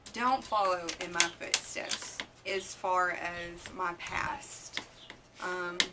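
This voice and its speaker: A woman talking to camera as a mom vlogger, earnest and unhurried, with many ums and restarts. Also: lowish voice, heavy background noise. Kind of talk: casual heartfelt vlog talk.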